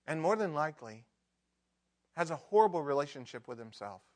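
A middle-aged man preaching a sermon, emphatic, dropping to a hush and rising to loud outbursts. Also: fairly high pitch, big pitch swings, a little fast. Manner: emphatic, swings between loud mock outbursts and hushed prayer.

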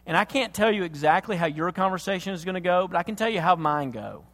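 A man preaching a sermon as pastor, impassioned, moving between loud emphatic lines and hushed tender passages. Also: high-pitched, expressive, fast. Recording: long hall reverb.

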